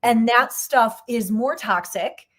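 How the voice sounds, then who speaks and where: A woman's voice: a little high, takes it slowly, fairly bright tone. A woman guest co-host in casual podcast chat, blunt and candid, with many fillers and restarts.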